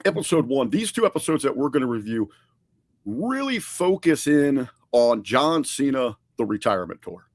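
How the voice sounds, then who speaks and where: Man, podcast co-host, casual review chat, mid-pitched voice, dry close sound. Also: sing-song, moderate pace, no room sound. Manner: conversational, many fillers and restarts.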